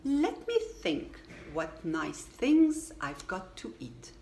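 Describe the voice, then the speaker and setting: A woman's voice: a little high, sing-song, slow pace, vocal fry, a little mellow, echoey room, slight background noise, voice pushed up, heavily acted. A woman doing a kindly, fussing motherly lady. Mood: fond.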